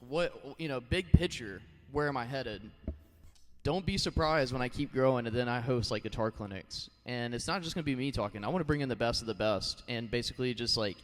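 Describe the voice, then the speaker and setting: A man's voice: mid-range voice, normal speed, big-room sound. A man in his thirties chatting casually and rambling on a live stream, thanking his viewers and often saying "like" and "you know.". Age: 30s.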